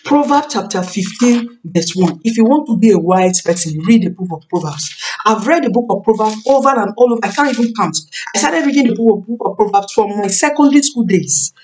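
A woman in her thirties preaching a sermon on marriage, emphatic, repeating key phrases and slowing down to stress words. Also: medium pitch, lively intonation, darkish tone. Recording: voice a bit far from the mic.

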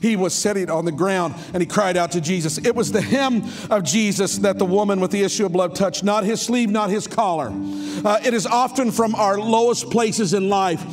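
High-voiced pastor preaching fervently. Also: male voice, normal speed. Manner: fervent preaching, repeating phrases and rising to shouts. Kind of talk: sermon. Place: large church sanctuary. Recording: long church hall reverb with music behind.

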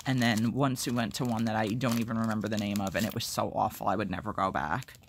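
Chatty, excitable woman vlogger. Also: extremely low pitch, fast talker, slight background noise. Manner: self-deprecating humor. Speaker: vlogger opening fan mail. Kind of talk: casual chat to camera. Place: at home. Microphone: phone camera.

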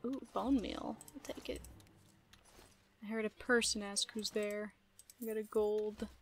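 A woman giving casual gameplay commentary, playful and easily startled, laughing often and yelling at enemies. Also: mid-range voice, fairly even intonation, unhurried. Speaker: gaming video creator.

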